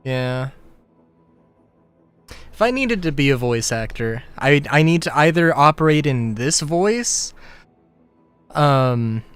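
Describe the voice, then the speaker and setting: A man's voice: fairly high pitch, expressive, slow, long pauses, clear, resonant tone, no room sound, faint music behind. A man livestreaming a game, chatting casually in a rambling, self-interrupting way and breaking into laughs often. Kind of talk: casual chat while gaming.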